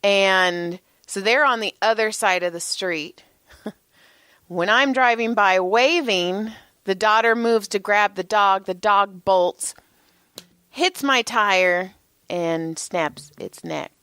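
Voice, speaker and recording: A woman in her thirties co-hosting a podcast, telling a story in a casual, animated way and often laughing and swearing. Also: mid-range voice, slow pace, clear, resonant tone, dry recording. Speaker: podcast co-host.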